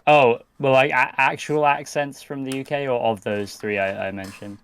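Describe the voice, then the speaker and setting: Hesitant British man, smooth voice. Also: medium pitch, steady tone, normal speed. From United Kingdom. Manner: hesitant, many fillers and restarts, laughs often. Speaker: podcast guest. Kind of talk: casual podcast chat.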